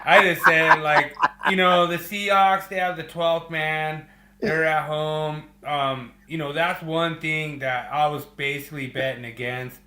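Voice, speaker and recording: Bright voiced dude chatting football casually, lots of ums, echoey room. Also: male voice, a little high, unhurried, slight background noise. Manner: relaxed, with many fillers. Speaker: podcast host. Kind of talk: casual chat.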